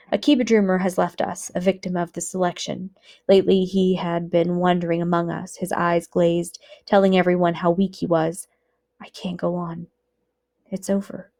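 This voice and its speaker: A woman teacher reading a book aloud for students in a measured, earnest way. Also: fairly low pitch, darkish tone.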